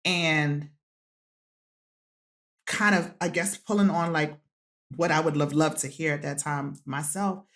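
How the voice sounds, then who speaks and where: A woman guest on a podcast with a notably low, deep-set voice. She tells personal stories with feeling and slips into acted-out quotes, laughing along the way. Her tone is warm conversation rather than a speech. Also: unhurried, long pauses. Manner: animated storytelling, acts out quotes, laughs often. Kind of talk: heartfelt conversational storytelling.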